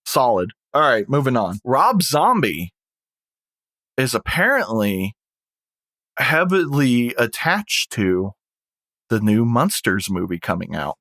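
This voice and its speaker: A man's voice: mid-range voice, sing-song, slow, pauses often, fairly bright tone, dry recording. A man co-hosting a podcast in casual chat, laid-back and rambling with lots of fillers. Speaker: podcast co-host.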